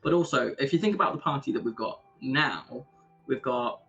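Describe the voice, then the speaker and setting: A man casually chatting on a podcast, animated, laughing often and trying out accents. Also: mid-range voice, moderate pace, creaky, dull audio, soft background music. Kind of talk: casual chat.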